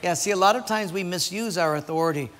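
A man's voice: high-pitched, quick pace, big-room sound. A man, a pastor, preaching a sermon and telling stories with acted voices. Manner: storytelling with acted voices, animated. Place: church sanctuary.

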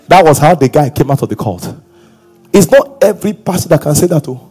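A middle-aged man preaching a sermon as pastor, telling stories dramatically and moving from hushed asides to shouted exhortations. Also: a little high, lively intonation, brisk, slightly rough.

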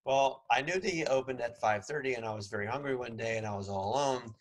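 A man's voice: mid-range voice, quick pace, slight background noise, rough recording. A man giving a casual classroom lecture as a psychology professor, chatty, with sarcastic asides and frequent fillers.

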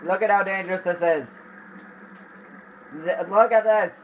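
A man's voice: sits high, steady tone, a little slow, lo-fi sound, slight background noise. A man hosting a gameplay video, commenting casually in a goofy, joking, self-mocking way. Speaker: gaming channel host.

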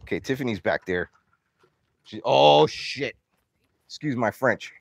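A man vlogging outdoors while feeding his farm animals, excitable and out of breath, laughing and talking to the animals as he goes. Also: medium pitch, a little slow, vocal fry, husky, no echo.

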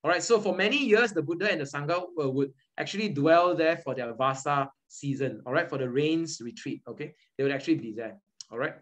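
The speaker is a young man with a Malaysian English accent whose fairly high, a-bit-bright voice runs a little fast as he patiently teaches an online Buddhist study group by video call. He repeats himself often, with plenty of "okay" and "all right," and the recording is rough.

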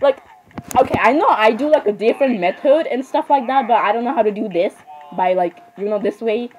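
A woman's voice: a little high, a little fast, a little hiss or hum, rough recording. A woman giving casual game commentary, rambling, apologizing constantly and giggling at her own asides. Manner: rambling, keeps saying sorry, giggly asides. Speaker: gameplay commentator.

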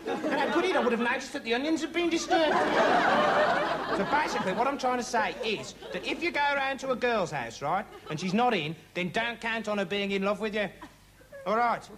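A man's voice: very high-pitched, exaggerated voice. A man playing a dim young would-be investigator who rambles earnestly, padding every sentence with "like" and "right". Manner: meandering, earnest, full of 'like' and 'right'. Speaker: comic investigator character. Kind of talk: rambling comic monologue to camera. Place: TV studio before a live audience. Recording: TV studio with audience laughter and noise.

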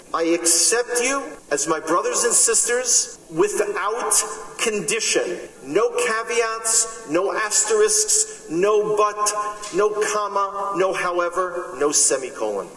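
A man's voice: sits high, a bit bright, a little hiss or hum. Bronx-accented man preaching in an echoey hall. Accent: New York Bronx. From New York. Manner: emphatic, humorous asides, rhetorical questions. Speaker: speaker at a gathering. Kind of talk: impassioned religious speech. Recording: echoey hall, speaker far from mic.

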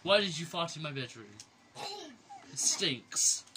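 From his bedroom at home, a gaming YouTuber gives playful, chatty gameplay commentary, breaking into exclamations. His fairly high voice is expressive and measured, over loud background noise with a crowd behind him.

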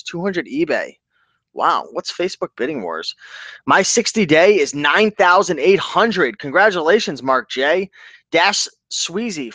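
A man hosting a casual livestream about online reselling, upbeat and chatty, giving shout-outs to viewers. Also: high-pitched, no room sound.

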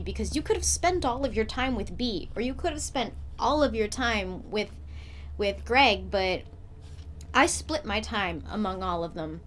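A woman hosting a let's play and giving casual, rambling commentary on the game. Her voice sits a little high, and she talks at an unhurried pace, filling it with playful asides. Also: fairly bright tone, slight background noise.

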